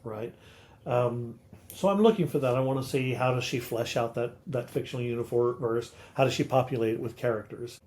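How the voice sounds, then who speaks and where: A man's voice: mid-range voice, moderate pace, a little mellow. Teacherly older man explaining poetry. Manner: teacherly, recites verse rhythmically, asks rhetorical questions. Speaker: podcast co-host, literature scholar. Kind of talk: casual explanatory chat.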